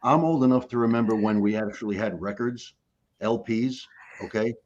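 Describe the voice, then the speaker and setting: A man's voice: fairly low pitch, normal speed, a little mellow, highs cut off, a little hiss or hum. A middle-aged man, a guest life coach, giving an emphatic motivational talk on a call, repeating key phrases for effect in a blunt, casual way.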